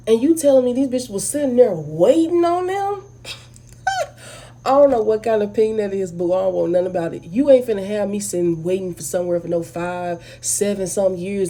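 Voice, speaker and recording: Blunt woman with a husky, mellow voice. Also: medium pitch. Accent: African American English. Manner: blunt, animated, talks straight to viewers. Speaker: video host. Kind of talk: casual opinionated movie review.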